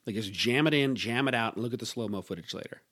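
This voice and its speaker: A man's voice: medium pitch, fast talker, a bit bright. Rambling, chatty male podcast host. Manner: rambling anecdotes with frequent fillers and laughs. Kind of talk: casual chat.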